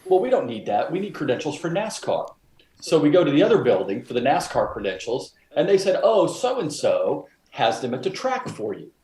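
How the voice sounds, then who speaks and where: Guy telling a story all animated, pitch bouncing around, echoey room. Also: normal speed. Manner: animated storyteller, defending himself. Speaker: podcast co-host. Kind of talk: casual chat. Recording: roomy echo.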